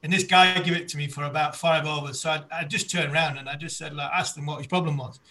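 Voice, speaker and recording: A man, a former fast bowler, interviewing a guest in a relaxed sports chat and rambling through anecdotes. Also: on the high side.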